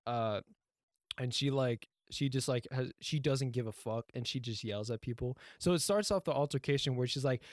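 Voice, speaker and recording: A man's voice: mid-range voice, moderate pace, no echo, clean studio sound. Young man ranting casually, swearing. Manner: rambling, profane, acts out quoted lines. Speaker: podcast co-host. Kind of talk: casual chat, recapping a TV show.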